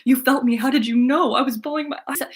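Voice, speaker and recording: A woman's voice: medium pitch, fairly even intonation, fast talker, a little hiss or hum, natural voice. A woman putting on the voice of an emotional elderly woman who works in a store, pleading and breathless as she speaks. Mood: tearful.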